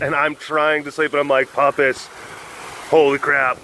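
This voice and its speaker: A man's voice: a little high, level tone, moderate pace, sharp tone, a little hiss or hum. A young man vlogging at a big cat enclosure, rambling through a story and acting out other voices. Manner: chatty, often acts out other voices, laughs a lot.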